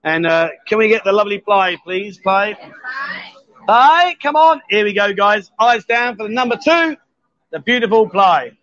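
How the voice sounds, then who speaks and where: A man's voice: high-pitched, normal speed, sharp tone, lo-fi sound. A man hosting a live stream from a bar, joking and teasing his guests in casual banter. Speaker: host.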